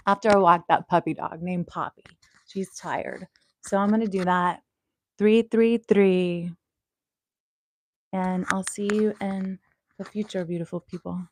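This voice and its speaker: A young woman hosting a casual home livestream, chatting playfully and drifting into soft murmurs, recorded on a small clip-on mic. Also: lowish voice, steady tone, normal speed. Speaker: host.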